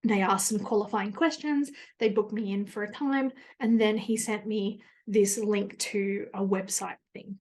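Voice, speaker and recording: A woman's voice: mid-range voice, fairly even intonation, a little slow, hardly any pauses, darkish tone. A woman hosting a podcast, talking candidly and chattily in a casual solo monologue, with plenty of fillers and asides. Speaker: podcast host.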